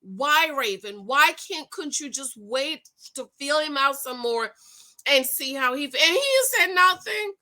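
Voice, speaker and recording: A middle-aged woman chatting casually to her viewers while recapping a TV show, animated and laughing often. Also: sits high, measured pace. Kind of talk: casual reaction commentary.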